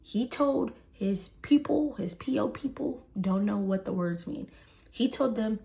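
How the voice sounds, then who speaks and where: This is a young woman with a Southern Houston accent telling a messy personal story in a storytime vlog. Her voice has a noticeable gravelly fry at mid pitch. She keeps it casual and lively, acting out each quoted line. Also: moderate pace. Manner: animated, acts out the quoted voices, repeats lines for emphasis.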